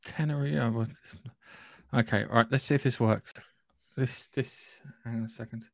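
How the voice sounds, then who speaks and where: A man's voice: mid-range voice, fairly even intonation, moderate pace, creaky, no echo, clean studio sound. A man co-hosting a podcast in casual, rambling chat. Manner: chatty, rambling, restarts often. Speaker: podcast co-host.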